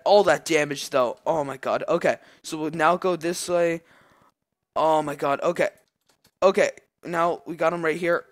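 A young man talks through his own match in a slightly high voice, rambling with fillers between plays. He gets loud and excited when the action heats up. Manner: excitable, yelling at big plays, many fillers. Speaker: gameplay commentator. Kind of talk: live gameplay commentary.

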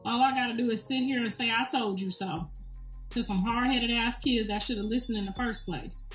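A woman's voice: fairly high pitch, fairly even intonation, fairly quick, fairly bright tone. A middle-aged woman hosting a casual livestream chat, blunt and profane, laughing often. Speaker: show host. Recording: echoey room, distant mic, faint music.

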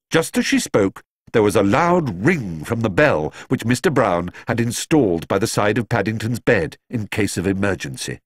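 Male narrator, very animated pitch, dry close sound, storybook reading. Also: normal speed, few pauses, dry recording. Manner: expressive, lively storytelling. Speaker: audiobook narrator.

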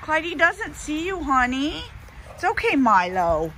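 A woman's voice: high voice, wildly swooping pitch, a little slow, pushed and bright, a little hiss or hum. A woman at an animal rescue, talking to her animals in a cooing, sing-song baby-talk voice for a casual vlog.

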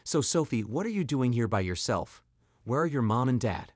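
Brief: soft-spoken, reassuring young man voiced by a male narrator, lively intonation, dry close sound. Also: medium pitch, moderate pace, no echo. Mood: gentle. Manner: gentle, reassuring. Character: kind, patient young man helping a girl.

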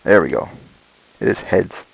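A man unboxing motorcycle gear at home late at night, talking quietly and slipping into excited whispers so as not to wake a sleeping child. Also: normal speed, a little hiss or hum, poor audio. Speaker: motorcycle vlogger. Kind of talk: casual unboxing vlog.

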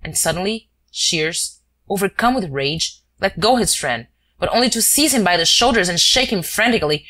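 A woman narrating an audiobook in a measured, steady storytelling manner. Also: mid-range voice. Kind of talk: scripted narration.

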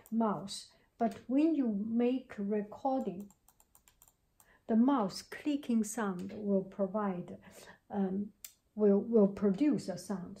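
A woman giving a soft-spoken ASMR tech tutorial at her home desk, talking haltingly and drifting into whispers, close on a handheld mic. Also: mid-range voice. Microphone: close handheld mic with pop cover.

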